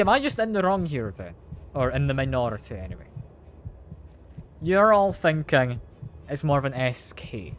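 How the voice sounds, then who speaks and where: A man's voice: medium pitch, slight background noise. A man streaming a game, chatting casually with his chat and playfully defending how he says a word. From Britain.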